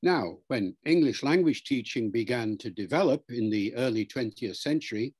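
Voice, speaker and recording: A man explains things in an unhurried, lecturing manner, like a patient expert taking a question. His voice sits at an ordinary pitch for a man, neither high nor low. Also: expressive, a little mellow, breathy edge. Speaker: interviewed language expert. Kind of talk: explanatory interview answer.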